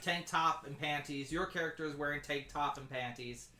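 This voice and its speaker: Game master, male, bright and animated, echoey room. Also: fairly high pitch, normal speed, a little hiss or hum. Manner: lively and joking, often breaks into laughter. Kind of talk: casual tabletop game narration.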